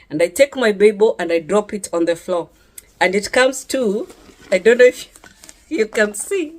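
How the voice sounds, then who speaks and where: A woman's voice: mid-range voice, animated, moderate pace. A woman gives an emotional personal testimony, speaking in an impassioned, pleading way and often ending her phrases with "yeah?".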